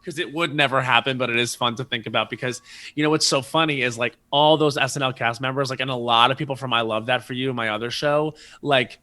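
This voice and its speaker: A man who is a guest on a podcast, telling stories in casual chat with animated asides. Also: medium pitch. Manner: animated storyteller, quick asides.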